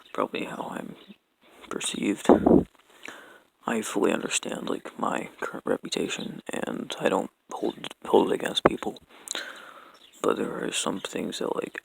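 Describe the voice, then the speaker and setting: A young man talking in a rambling personal apology monologue, halting and stumbling, with constant fillers and restarted sentences. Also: on the low side, creaky, a bit bright, slight background noise, low-quality recording. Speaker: vlogger.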